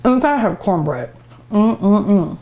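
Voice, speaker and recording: A woman's voice: mid-range voice, expressive, takes it slowly, highs cut off, a little hiss or hum. A middle-aged woman hosting a cooking show, chatting casually and humming with pleasure as she tastes her food. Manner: savoring food aloud with many hums. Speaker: cooking show host and restaurant owner.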